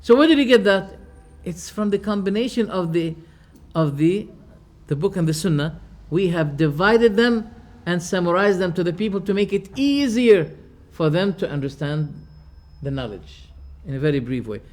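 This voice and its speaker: A man's voice: sits high, expressive, moderate pace, darkish tone. Emphatic man teaching a class. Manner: emphatic, with rhetorical questions and frequent restarts; explains terms by restating them. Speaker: religious teacher. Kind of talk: lecture to a class.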